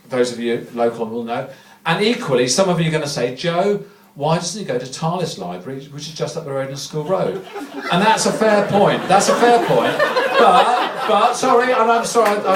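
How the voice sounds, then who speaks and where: A man from Reading doing stand-up in a comedy club, rambling through self-deprecating digressions with a deadpan touch, recorded from a distance. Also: sits high, background noise. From Reading, England. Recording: echoey club recording from far off, audience laughter.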